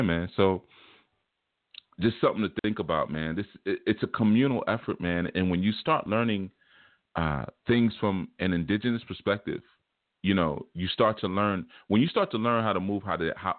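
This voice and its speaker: A man hosting a show, telling a story in a relaxed, rambling way and acting out what people said. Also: sits low, normal speed, dry recording. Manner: relaxed storytelling, repeats "man", acts out quotes. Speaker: spiritual teacher and show host. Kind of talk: casual monologue. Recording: dry phone-like sound.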